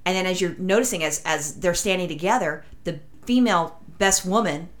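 A woman's voice: fairly low pitch, a little fast. A woman telling a long anecdote in casual podcast chat, rambling and acting out other people's lines. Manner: rambling, animated anecdote with acted-out quotes.

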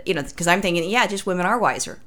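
A woman's voice: on the low side, expressive, fast talker, a bit bright. A woman from Los Angeles telling a crude story in casual chat, swearing freely as a podcast host.

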